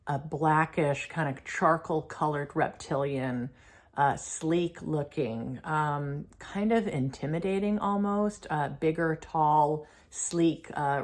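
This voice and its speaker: A woman host chatting casually in a spiritual vlog, full of fillers and light laughs. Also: sits low.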